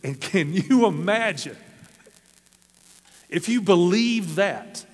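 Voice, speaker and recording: A pastor from Arkansas, preaching a sermon with folksy, humorous storytelling. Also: male voice, sits high, animated, slow pace. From South Arkansas, USA. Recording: long hall reverb.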